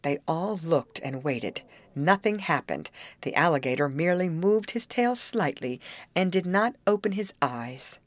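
A woman reading a children's novel aloud as scripted narration, in measured, expressive storytelling. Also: low voice, dry recording. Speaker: audiobook reader.

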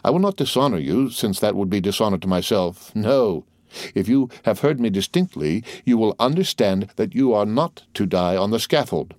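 A cold, merciless magistrate hands down his judgment, as a male narrator puts him on. His voice is low, measured and commanding. The recording is dry and close. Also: expressive, darkish tone, no room sound, close to an everyday voice. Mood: severe. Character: stern, unforgiving male magistrate, cold and severe.

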